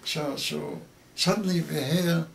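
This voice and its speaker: Older man, 80s, native Yiddish, gravelly and a bit high, stop-start storytelling, soft room hiss. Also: fairly even intonation. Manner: halting, repeats words, emotional telling. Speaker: interviewee. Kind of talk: oral history interview.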